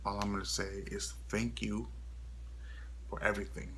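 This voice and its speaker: A man's voice: lowish voice, little pitch movement, normal speed, fairly bright tone, a little hiss or hum, rough recording. A male vlogger giving a playful channel update, teasing the viewer and often dropping into whispers.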